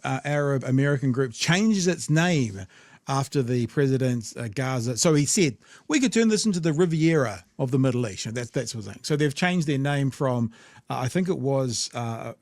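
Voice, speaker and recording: A man's voice: medium pitch, darkish tone, dry recording, studio quality. Blunt, sweary New Zealand man. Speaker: podcast host. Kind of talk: casual political commentary.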